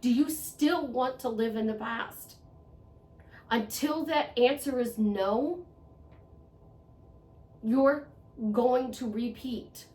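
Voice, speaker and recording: In an echoey room, a bit back from the microphone, a self-help vlogger gives earnest advice straight to the camera in a motivational monologue. Her voice is on the high side and a little mellow; she speaks slowly with long pauses, keeping it conversational and repeating phrases for emphasis.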